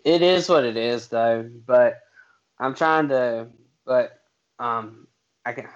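A man's voice: mid-range voice, lo-fi sound. A man co-hosting a podcast, talking in an easygoing, chuckling way. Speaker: podcast co-host. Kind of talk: casual chat.

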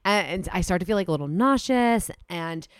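A woman's voice: fairly low pitch, animated, brisk, smooth, dry recording, studio quality. A young woman co-hosting a podcast, telling a rambling story full of "like" and "you know" in casual chat. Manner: rambling, filler-heavy storytelling with lots of "like". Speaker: podcast co-host.

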